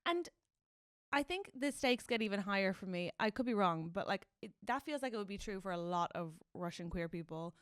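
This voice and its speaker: Woman cohost on a podcast, chatty and lively, laughs a lot, dry studio sound. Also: medium pitch, fairly quick, clean tone, no room sound. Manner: animated, laughing often. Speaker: podcast co-host. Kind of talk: casual chat. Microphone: studio mic.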